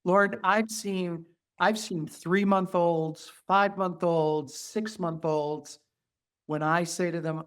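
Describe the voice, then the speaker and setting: A middle-aged man, a pediatrician guest, talking earnestly in an interview and softly acting out how he soothes children. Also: sits high, steady tone, takes it slowly, smooth. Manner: earnest, acts out soft soothing asides to children. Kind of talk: conversational interview.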